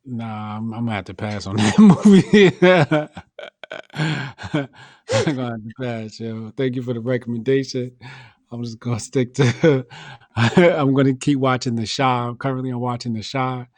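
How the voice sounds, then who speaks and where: A man hosting a podcast in casual chat, speaking with blunt, animated, slangy banter. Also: mid-range voice, a little slow, no room sound. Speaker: podcast host.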